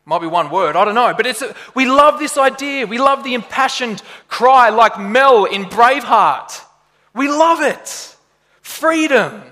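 A man preaching a sermon with a high, bright voice. He talks in a lively, conversational way and keeps asking the congregation rhetorical questions. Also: long reverb tail.

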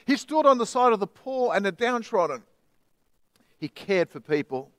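A man's voice: high voice, big pitch swings, normal speed, a bit bright, no echo. A middle-aged man with an Australian accent, preaching an earnest, emphatic sermon as pastor.

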